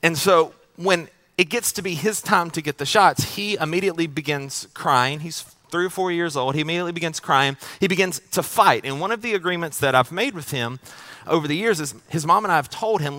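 A man preaches as pastor in a relaxed, chatty way. His voice sits fairly high and sounds bright and forceful. He repeats words and phrases as he tells his story. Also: brisk, hardly any pauses. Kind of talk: sermon.

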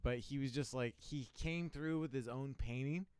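A man, a comedian guesting on a podcast, telling a relaxed anecdote in casual conversation. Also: medium pitch, moderate pace, slight background noise.

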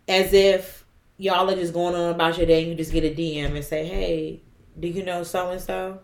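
A young woman co-hosting a casual podcast, animated and rambling in quick bursts. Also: on the low side. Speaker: podcast co-host. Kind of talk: casual chat. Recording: echoey room with faint noise.

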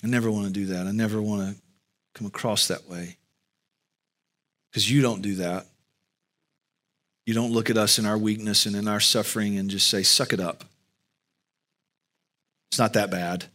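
A male pastor giving an earnest sermon and closing prayer, with slow, emphatic pauses. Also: on the low side, fairly even intonation, a bit bright.

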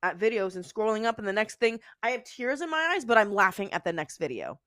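A young woman co-hosting a podcast in casual chat, animated, swearing freely and saying "bro" and "like" a lot. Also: medium pitch, fast, no echo, studio quality. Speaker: podcast co-host and streamer.

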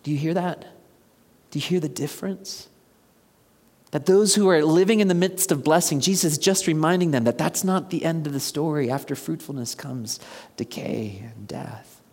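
A man around fifty preaching a conversational sermon, asking the congregation questions and dropping to a hushed near-whisper for emphasis. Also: fairly high pitch, a little fast. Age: about 50. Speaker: pastor. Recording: long reverb of a large hall.

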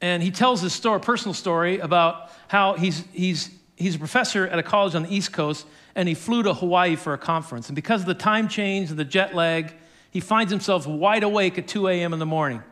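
High-voiced man preaching a sermon. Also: fairly quick, a bit bright. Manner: storytelling with acted quotes and chuckles. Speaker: pastor.

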